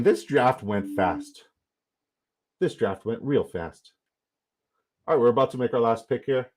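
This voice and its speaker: Young male streamer, lowish voice, casual excitable commentary, salty language. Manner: excitable, rambling, profane. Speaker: livestream host.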